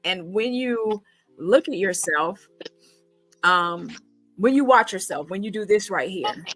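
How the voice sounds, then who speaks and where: Bright-voiced, emphatic woman host. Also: medium pitch, expressive, slow, faint music behind, poor audio. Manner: emphatic, rhetorical questions, frequent ums and restarts. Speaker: podcast host. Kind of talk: casual conversational interview.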